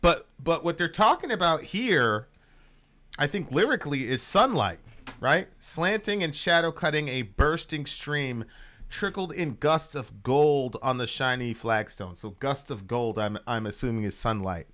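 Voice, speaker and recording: A young man co-hosting a podcast, chatting casually and bursting into loud impressions. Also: medium pitch, expressive, unhurried. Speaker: podcast co-host. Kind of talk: casual reaction chat.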